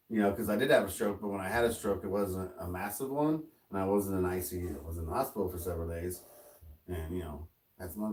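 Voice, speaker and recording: A middle-aged male podcast host with a fairly low voice, telling a story with lively energy and slipping into the voices of the people in it. He sits a little away from the mic, so the sound is distant and roomy.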